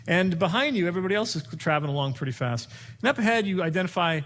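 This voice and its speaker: A man giving a teaching talk on communication skills, an animated storyteller who acts out dialogue. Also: sits high, rapid-fire. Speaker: speaker teaching communication skills to youth workers.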